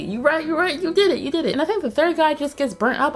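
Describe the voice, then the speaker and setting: A woman hosting a casual movie recap, telling the story in a profane, slangy, animated way. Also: high voice, quick pace, faint music behind. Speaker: host.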